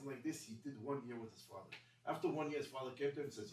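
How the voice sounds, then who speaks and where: Fast-talking rabbi in an echoey room. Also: male voice, medium pitch, a little hiss or hum. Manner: quick, animated, broken English. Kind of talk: storytelling talk to a congregation. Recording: echoey room, mic at a distance, faint ambience.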